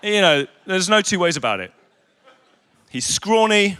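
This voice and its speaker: High, lively-voiced male preacher. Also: unhurried, smooth. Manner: animated storytelling with humour; acts out quoted voices. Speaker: conference speaker. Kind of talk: sermon. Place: conference venue.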